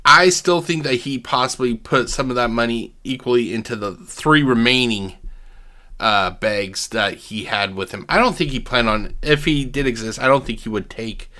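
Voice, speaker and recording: A man's voice: medium pitch, normal speed, pushed and bright. A man hosting casual commentary, thinking aloud in a rambling, profane way. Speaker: host.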